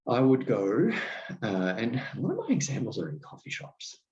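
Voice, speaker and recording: A man with an Australian accent hosting a podcast, telling stories in a thoughtful, unhurried way. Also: medium pitch, huge pitch swings, a little mellow, reverberant, highs cut off. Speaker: podcast host. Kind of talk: reflective solo podcast talk.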